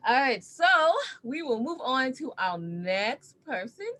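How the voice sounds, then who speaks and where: Bubbly high-voiced woman hosting a panel. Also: sing-song, unhurried, fairly bright tone, slight background noise. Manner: bubbly, giggly. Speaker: panel host. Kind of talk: casual panel chat.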